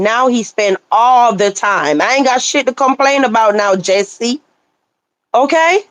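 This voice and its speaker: A woman's voice: fairly high pitch, normal speed, no echo. Woman on her livestream, blunt and scolding, dry close sound. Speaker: livestream host. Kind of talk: casual livestream chat.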